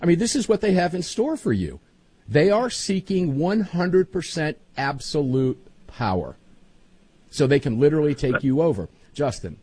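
Male talk host, animated and joking, slightly rough voice. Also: on the high side, moderate pace. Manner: lively, jokey, egging guests on. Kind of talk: cable talk show hosting.

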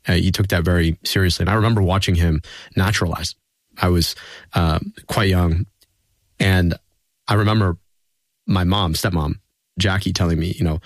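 A man's voice: low-pitched, normal speed, long pauses, no echo. A man, a political guest in an interview, telling personal stories in an earnest, reflective way. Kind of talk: conversational interview storytelling.

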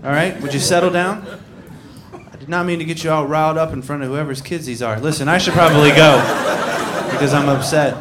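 A man's voice: on the high side, fairly quick. A man performing a stand-up comedy routine, drawling and mocking as he acts out characters. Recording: live club audience noise. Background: audience laughter.

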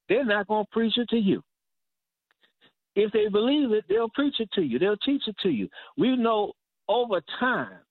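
A man's voice: sits high, no echo. A man preaching a sermon, emphatic and repeating phrases for stress. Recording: dry, tinny phone-like sound.

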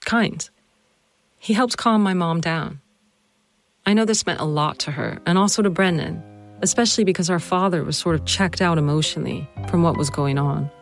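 A narrator and host telling a personal family story, then questioning their mother, earnest and slowing down to stress points. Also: medium pitch, creaky, soft background music. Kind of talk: reflective personal narration and interview.

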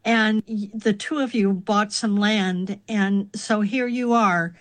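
A woman interviewer asking slow, prompting questions of her guest. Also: medium pitch, steady tone.

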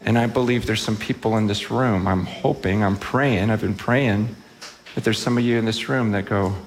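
A man's voice: fairly low pitch, moderate pace, long reverb tail, a little hiss or hum. A man preaching a sermon with passion, often voicing the people and words he quotes. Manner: impassioned, voices quoted speakers. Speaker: pastor.

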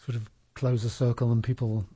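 A man's voice: medium pitch, little pitch movement, fairly quick, mellow, breathy edge, no room sound. A man interviewing a guest, asking casual, chatty questions. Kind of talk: conversational interview.

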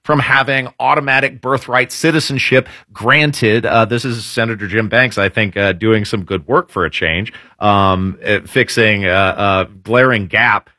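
A man's voice: fairly low pitch, fairly even intonation, unhurried, hardly any pauses, sharp tone, no room sound, studio quality. A man hosting opinionated political news commentary, sarcastic and full of hesitant fillers.

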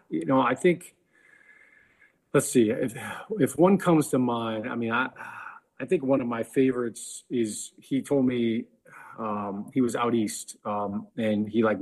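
A man's voice: fairly low pitch, a little mellow, breathy edge. A man telling a casual story as a guest, chatty and full of fillers.

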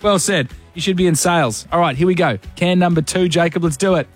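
An Australian man with a slightly high voice runs a quick on-air quiz, ribbing each caller in a playful, joking way. Faint music sits under him. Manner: teasing, playful. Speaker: radio host. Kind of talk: jokey game-show banter.

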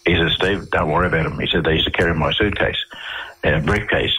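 Australian man, radio guest. Low, husky voice; halting, rambling delivery full of fillers. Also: fairly even intonation, bright, forceful tone, rough recording. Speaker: interview guest. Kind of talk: casual radio interview storytelling.

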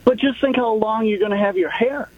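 A man's voice: high-pitched, a little fast, slightly rough. A man calling into a radio show, joking and matter-of-fact, heard over a dull, muffled phone line. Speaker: caller. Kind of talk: call-in talk radio.

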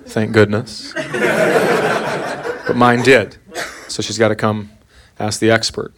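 A man's voice: on the low side, fairly even intonation, slow, very noisy. Crude stand-up comic man. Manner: crude, blunt punchlines. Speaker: stand-up comedian. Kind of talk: stand-up set. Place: comedy club stage. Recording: live club with loud crowd. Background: loud audience laughter.

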